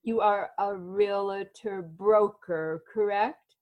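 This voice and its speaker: A woman's voice: medium pitch, slow pace, narrow, tinny audio. A woman hosting a podcast interview, asking questions in an encouraging, affirming way. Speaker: podcast host. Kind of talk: interview chat.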